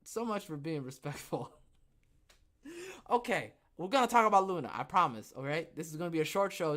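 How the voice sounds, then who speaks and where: A young man hosts a casual live podcast, chatting in a slightly higher voice. He rambles from one thought to the next, jokes a lot and sometimes breaks into loud, excited outbursts. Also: brisk. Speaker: podcast host. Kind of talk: casual livestream chat.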